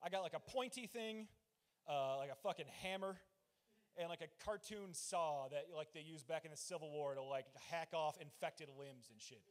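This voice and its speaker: High-voiced man doing rambling stand-up. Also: normal speed. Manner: rambling, deadpan, profane storytelling. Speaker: stand-up comedian. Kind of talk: open-mic stand-up set. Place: comedy club stage.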